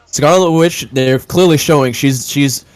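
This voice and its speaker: A man's voice: a little high, measured pace. Rambling, profane man in casual chat. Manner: rambling, profane, many restarts. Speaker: stream host.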